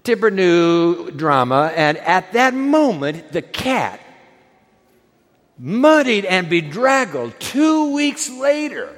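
A male pastor delivers a sermon with a high-pitched voice, building drama and then sinking into quiet, pointed emphasis. His words ring out with a long reverb, as if spoken in a large church sanctuary. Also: sing-song, slow. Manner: dramatic storytelling, drops to soft emphasis.

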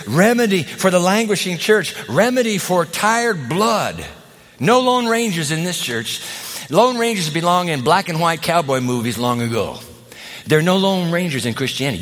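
A pastor delivering a sermon in a high, lively voice that leaps up and drops low. He acts out little scenes and swings between near-shouts and hushed asides. The sound rings on in a big, echoing hall. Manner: dramatic preacher, acts out voices, swings loud and soft. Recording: reverberant hall.

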